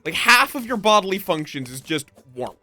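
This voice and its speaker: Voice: medium pitch, sing-song, normal speed, pushed and bright, soft background music. A streamer chatting casually through a live game session, rambling, swearing freely and at times drifting into a mock accent. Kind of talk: live gameplay commentary.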